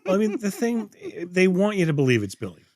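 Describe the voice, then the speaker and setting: A man's voice: high voice, big pitch swings, fast, darkish tone, no echo. Middle-aged man, podcast co-host, casual chat, swears, dry close sound. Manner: rambling, swears casually, acts out quotes. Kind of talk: casual movie review chat.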